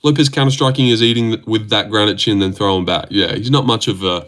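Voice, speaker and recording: A man with an Australian accent talks through a livestream in loose, rambling chat, answering viewers as he goes. His voice is bright and forward. He is blunt and swears freely. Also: on the low side, fast. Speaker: MMA predictions livestreamer. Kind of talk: casual livestream chat reading viewer comments.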